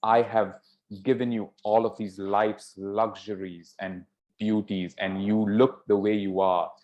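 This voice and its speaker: A man's voice: on the low side, flat delivery, unhurried, darkish tone, close to an everyday voice. A man playing a vain, pompous old king. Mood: demanding. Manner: boastful, demanding. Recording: dull lo-fi sound.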